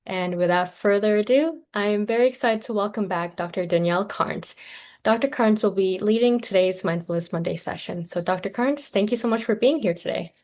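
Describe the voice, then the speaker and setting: Female webinar host, mid-pitched, friendly read-through of announcements. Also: brisk, a little mellow. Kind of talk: scripted program introduction. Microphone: video call.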